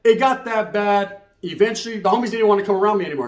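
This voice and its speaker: A man's voice: high-pitched, fast. A middle-aged man, telling a comic story in streetwise slang and tagging lines with "right?". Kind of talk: comedic storytelling. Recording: roomy echo.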